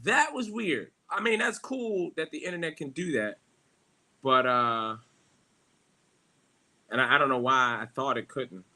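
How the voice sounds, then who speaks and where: A man's voice: medium pitch, measured pace, pauses often, sharp tone. Rambling, self-mocking man on a livestream. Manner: rambling, self-deprecating, swears freely, laughs often. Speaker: livestream host. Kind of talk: casual solo livestream chat.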